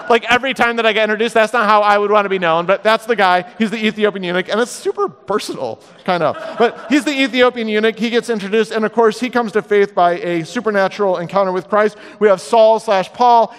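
High-voiced middle-aged man preaching. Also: fast, hardly any pauses, clean tone, long reverb tail. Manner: comic, animated storytelling with acted-out voices. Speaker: guest preacher. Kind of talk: sermon. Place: church sanctuary.

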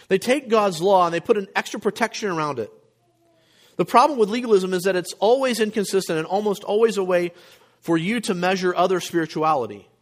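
A male pastor preaching a sermon, emphatic, with rhetorical questions and frequent throat clearing. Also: high voice.

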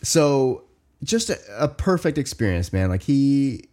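A man in his thirties with a mid-range voice tells a long story on a podcast. His delivery is animated and loose, packed with "like" and casual swearing. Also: medium pitch, a little slow. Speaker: podcast co-host. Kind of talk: casual chat.

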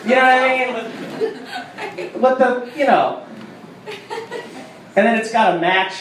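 A man doing a live stand-up set, ranting loudly and profanely on a club stage while the audience laughs. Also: very high voice, unhurried, noisy background. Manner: loud, profane, ranting delivery. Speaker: stand-up comedian. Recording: echoey club recording from a distance. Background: audience ambience and laughter.

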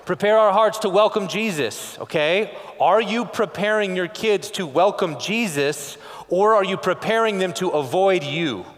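A pastor from West Texas preaching a sermon in a conversational way, firing off rhetorical questions and checking in with "okay?". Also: male voice, sits high, animated, measured pace, fairly bright tone, long reverb tail.

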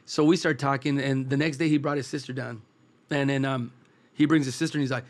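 A man from East Los Angeles tells long, relaxed stories about cooking, his voice sitting at an ordinary middle pitch. He rambles comfortably from one anecdote to the next and acts out the quoted dialogue. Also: a little fast. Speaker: guest, food truck cook. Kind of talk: casual storytelling.

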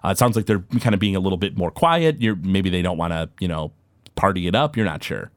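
A man narrates a tabletop role-playing session as game master, stopping and starting with plenty of fillers. His voice sits low but swings widely in pitch, and the recording is dry and close. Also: dry recording. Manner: halting, many fillers, animated.

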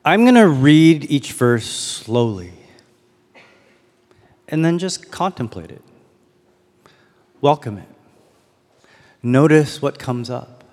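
A man preaching a sermon as pastor, reflective, slowing down to read and linger on lines. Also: medium pitch, very animated, darkish tone, big-room sound.

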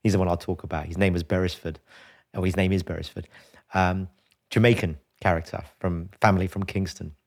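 A man's voice: sits low, fairly even intonation, brisk, a little mellow. A man hosting a conversational interview, chatty and curious, with stumbling restarts. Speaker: host.

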